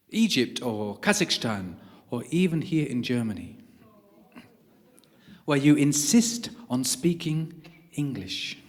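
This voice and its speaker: A man from a comedy choir delivering an ironic, mock-posh stage monologue at a live concert. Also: mid-range voice. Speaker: comedy choir member introducing a song. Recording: live hall with long reverb.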